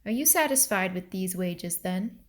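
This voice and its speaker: A woman's voice: medium pitch, expressive, lightly acted. A woman reading a stern male mill agent. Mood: formal. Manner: formal, measured, questioning.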